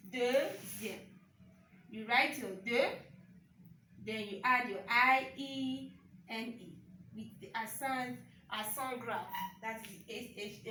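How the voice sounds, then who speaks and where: A woman teaching a French lesson online, speaking slowly and repeating words, often checking in with "okay?". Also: on the high side, sharp tone, echoey room, distant mic, slight background noise, low-quality recording. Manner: slow and repetitive, checks in with "okay?".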